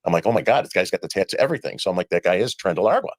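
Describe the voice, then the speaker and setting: A man's voice: low voice, animated, dry recording. A man recounting his experiences in an interview, acting out dialogue as he goes. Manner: rapid storytelling with quoted dialogue. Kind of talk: storytelling in a played interview.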